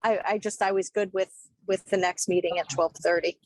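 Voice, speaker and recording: A woman's voice: fairly low pitch, steady tone, fairly quick, darkish tone. A woman on a committee answering briefly over a video call. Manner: short plain replies. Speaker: committee member. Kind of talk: online meeting talk.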